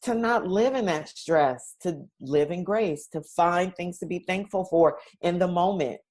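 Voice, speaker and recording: A woman's voice: on the low side, a little slow, darkish tone. A woman hosting a podcast, affirming and reflective as she responds to her guest. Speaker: podcast host. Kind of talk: casual podcast conversation.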